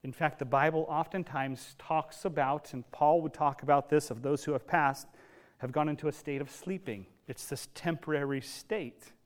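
A man preaching a sermon as pastor, telling the story in a lively, conversational way with casual asides. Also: fairly high pitch, moderate pace.

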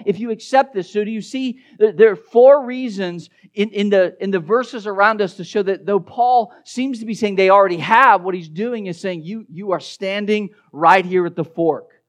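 Emphatic high-voiced male preacher. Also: unhurried. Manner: emphatic, repeats words when stressing a point, drops to a quiet low voice for key verses. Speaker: pastor. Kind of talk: expository sermon.

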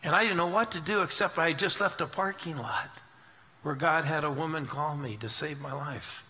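Middle-aged male preacher, earnest testimony, very bright tone. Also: a little high, moderate pace. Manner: earnest storytelling, drops to hushed tones for quotes. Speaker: pastor. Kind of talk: sermon testimony.

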